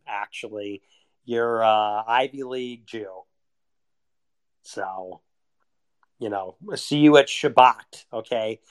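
A man delivering a heated, sarcastic, profane rant as a solo monologue. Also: medium pitch. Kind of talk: ranting monologue.

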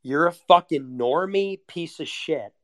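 A man's voice: fairly high pitch, measured pace, fairly bright tone. Heated, sarcastic man ranting. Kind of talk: ranting monologue.

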